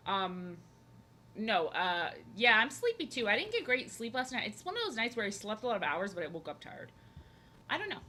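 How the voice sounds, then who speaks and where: A woman's voice: on the high side, big pitch swings, moderate pace, sharp tone, a little hiss or hum. A woman chatting casually with her live stream viewers while she draws, rambling and filling her talk with "like". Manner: rambling, filler-heavy, talks to chat. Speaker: art streamer.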